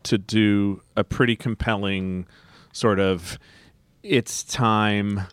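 A man's voice: on the low side, slow pace, smooth, no room sound. A man co-hosting a podcast, chatting casually about films, musing and restarting his sentences. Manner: musing, restarts often, lively. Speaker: podcast co-host. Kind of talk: casual film discussion.

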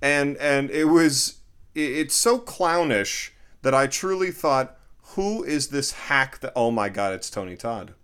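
A man's voice: medium pitch, expressive, unhurried, a bit bright, clear, resonant tone. A man co-hosting a casual film-review podcast, joking sarcastically and often restarting his sentences. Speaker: podcast co-host.

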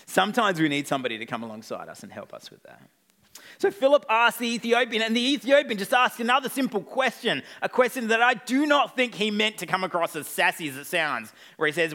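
A man's voice: high voice, sing-song, fairly quick, bright, forceful tone. A male pastor preaching an evening sermon, retelling a story with playful asides to the congregation.

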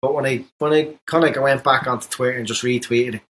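A man's voice: medium pitch, steady tone, quick pace, a bit bright, slight background noise. A man telling rambling stories in casual football chat. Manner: rambling, laughing storyteller. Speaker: podcast panelist.

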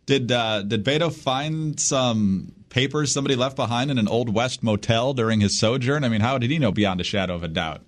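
A man's voice: medium pitch, a little fast, few pauses. Sardonic male podcast co-host. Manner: sardonic, teasing. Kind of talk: casual political chat.

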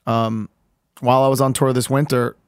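A man on a podcast recounting a painful family story in a halting, candid way, restarting sentences and swearing casually. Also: medium pitch, little pitch movement, dry recording, clean studio sound. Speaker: podcast co-host.

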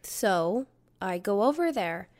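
A woman's voice: mid-range voice, slow. A woman in her thirties telling a story casually, cursing freely and acting out the quotes as she laughs through it. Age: 30s. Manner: profane, animated, laughing retelling with acted-out quotes.

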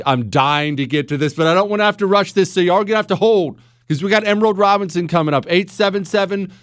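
A man hosting a call-in radio talk show, animated and sarcastic, laughing often. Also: high-pitched, clear, resonant tone, no room sound, clean studio sound.

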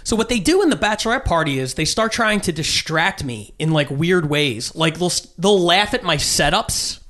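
A man in his thirties tells a long story in a slightly high, lifted voice. He acts out quotes with swearing and moves easily between his own lines and everyone else's. He is a comedian in casual conversation. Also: expressive, normal speed, a bit bright. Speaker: stand-up comedian guest.

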